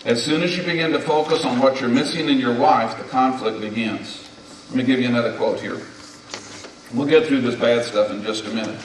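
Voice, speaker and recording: A man's voice: medium pitch, a little fast. A man in his seventies addresses a conference hall of husbands in a sermon-style talk, driving each point home with insistent commands. His voice reaches a distant mic through a very echoey hall, and faint hiss sits underneath. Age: 70s. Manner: emphatic, hammers points with repeated "do not" commands. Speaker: marriage conference speaker.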